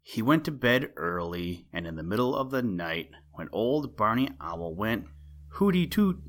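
A man reading a children's story aloud as the podcast host, gentle and unhurried, with rhyming asides. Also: lowish voice, lively intonation. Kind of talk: storybook read-aloud narration.

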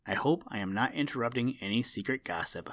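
A man voicing a sly, sharp-eyed male crow who teases the others with mock kindness, in a storybook reading. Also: mid-range voice, animated, a little fast, no echo. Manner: sly, chuckling, mock-kindly.

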